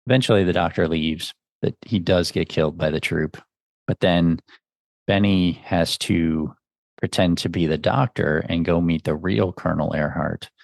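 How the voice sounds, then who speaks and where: A man's voice: low voice, fairly even intonation, normal speed, gravelly, a little mellow, no echo, clean studio sound. A man hosting a podcast, giving a casual, musing film review as he thinks aloud. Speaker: podcast host.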